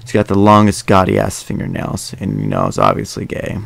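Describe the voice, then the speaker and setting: A man's voice: low-pitched, big pitch swings, a little fast, vocal fry, a bit bright, dry recording. A young man hosting a casual podcast, rambling with lots of fillers and restarts. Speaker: podcast host.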